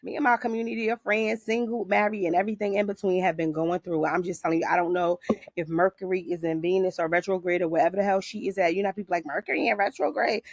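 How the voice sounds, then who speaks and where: Middle-aged woman host, deep and gravelly, close dry sound, unscripted blunt storyteller. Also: no room sound. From Paterson, New Jersey. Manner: blunt, profane, animated storytelling. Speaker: podcast host. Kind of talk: casual unscripted chat. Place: outdoors in her backyard garden.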